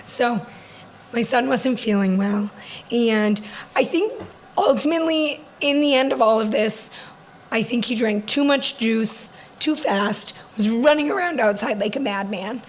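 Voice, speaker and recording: A young woman co-hosting a podcast with her sister, telling stories in a lively, laughing way. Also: a little high, a little hiss or hum, rough recording. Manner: animated storytelling, quick laughs. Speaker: podcast co-host. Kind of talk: casual sister chat.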